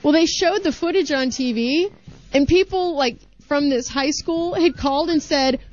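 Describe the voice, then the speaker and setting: A woman's voice: high-pitched, moderate pace, faint music behind. A woman co-hosting a comedy radio show, reading odd news stories with lots of giggles and banter. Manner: animated, giggly storyteller. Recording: dull lo-fi radio recording.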